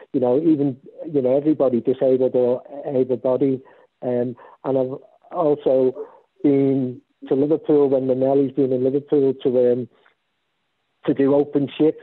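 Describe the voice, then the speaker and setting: A man casually telling stories about volunteering on a sailing ship, rambling with many restarts. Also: medium pitch. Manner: rambling, animated when storytelling. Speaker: guest speaker. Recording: tinny phone-like line.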